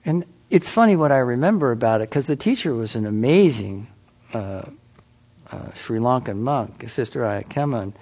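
Middle-aged guy rambling about meditation, gravelly voice, lots of you-knows and restarts. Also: mid-range voice, darkish tone. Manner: rambling, halting, full of "you know" and restarts. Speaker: meditation practitioner giving a talk. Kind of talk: casual personal talk. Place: meditation center hall.

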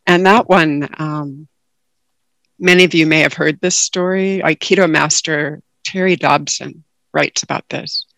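A woman giving a calm, reflective dharma talk as a guest meditation teacher over a video call. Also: deep voice, measured pace, vocal fry, dry recording.

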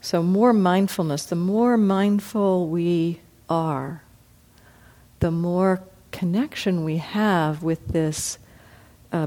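Woman, meditation teacher, dharma talk, lowish voice, gentle and reflective. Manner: reflective, gentle, acts out her own inner thoughts.

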